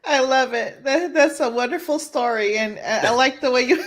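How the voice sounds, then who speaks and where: A woman's voice: high voice, normal speed, hardly any pauses. A woman hosting a podcast interview, praising her guest with frequent laughter and encouraging remarks. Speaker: podcast host. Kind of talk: casual interview chat.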